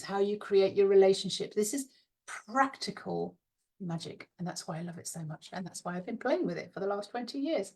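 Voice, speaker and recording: A middle-aged woman, giving a casual spiritual talk in a chatty, dreamy way and laughing often. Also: mid-range voice. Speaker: spiritual teacher and card reader. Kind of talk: casual guided visualization talk.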